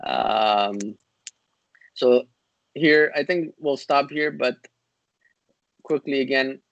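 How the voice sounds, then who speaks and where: A man's voice: mid-range voice, slow pace, vocal fry, long pauses, dry recording, muffled recording. A man teaching an online grammar class, patient and repetitive, with many fillers and restarts.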